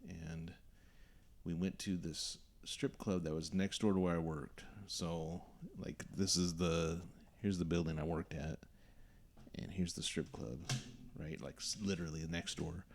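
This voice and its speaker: Gravelly deep-voiced man telling a story. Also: measured pace, slight background noise. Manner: animated storyteller acting out quoted voices. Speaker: podcast host. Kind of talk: casual storytelling chat.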